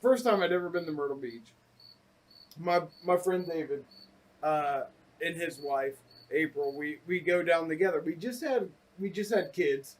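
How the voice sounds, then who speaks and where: A man rambles through a casual travel story, with fillers and swearing along the way. His voice is husky and pitched high for a man. He sits a little away from the microphone. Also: recorded from a distance, low-quality recording. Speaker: podcast co-host.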